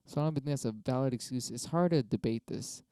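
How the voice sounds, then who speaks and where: A man's voice: medium pitch, a little fast, dark tone, no echo. Profane young man rambling solo. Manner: profane, rambling, argues both sides with himself. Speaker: streamer answering debate prompts. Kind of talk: casual solo monologue.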